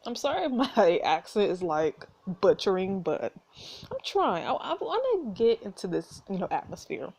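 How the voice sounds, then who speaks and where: A woman's voice: medium pitch, sing-song, normal speed, darkish tone. A woman playing a story game, reading its narration aloud and making casual asides. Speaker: gameplay streamer.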